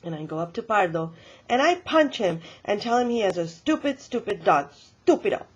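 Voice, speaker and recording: A woman voicing an elderly grandmother who tells a story about her own stubborn childhood in a lively, emphatic way. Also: medium pitch, measured pace, slightly rough, lo-fi sound. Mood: storytelling.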